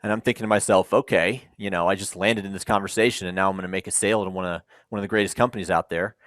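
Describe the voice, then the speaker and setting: Lowish dry-voiced man telling a founder story. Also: very fast, no room sound. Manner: animated storyteller acting out dialogue, frequent ums. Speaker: startup founder, panel speaker. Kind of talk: conversational keynote storytelling.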